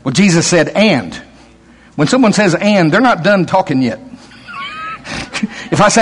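A man's voice: sits high, lively intonation, normal speed, pauses often, a little hiss or hum. A man preaching a sermon, telling stories with acted-out quotes and chuckles.

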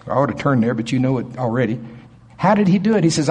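A man preaching a sermon in an animated way, acting out voices with sudden jumps in pitch. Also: quick pace, husky.

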